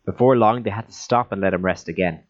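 A man narrating a story in a steady audiobook reading style. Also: fairly low pitch, fast. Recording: dull lo-fi recording.

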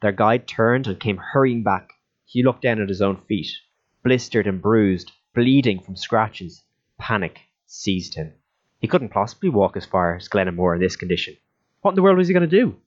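A man narrating a story in a steady audiobook reading style. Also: on the low side, normal speed. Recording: dull lo-fi recording.

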